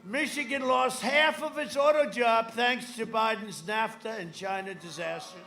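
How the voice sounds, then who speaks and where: A man in his seventies giving a rambling campaign rally speech, swinging between shouted lines and muttered asides. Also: very high-pitched, moderate pace. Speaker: political speaker at a rally. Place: large outdoor rally. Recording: echoey outdoor rally with crowd noise.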